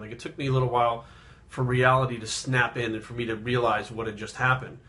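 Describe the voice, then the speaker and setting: Man telling a rambling, halting personal story. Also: medium pitch, level tone, bright, forceful tone. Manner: rambling, halting, with frequent swearing; subdued and reflective. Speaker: fitness vlogger.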